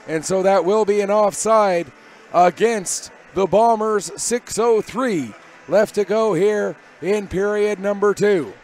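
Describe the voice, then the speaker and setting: A man doing live hockey play-by-play commentary from above the ice, with rapid, energetic calls that rise on big plays. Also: high voice, a little hiss or hum. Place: arena broadcast position above the ice.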